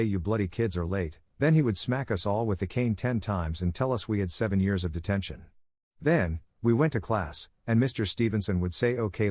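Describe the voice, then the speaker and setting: Low-voiced man reading stories aloud. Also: a little mellow, no echo, clean studio sound. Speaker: narrator of online stories. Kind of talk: read-aloud story narration.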